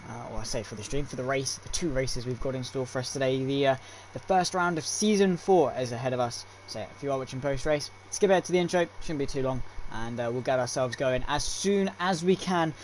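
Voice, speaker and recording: A man's voice: medium pitch, brisk, hardly any pauses, a little hiss or hum. A man doing upbeat live stream commentary on a sim race, chatty and full of fillers as he calls the action. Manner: chatty, lots of fillers and restarts; upbeat play-by-play.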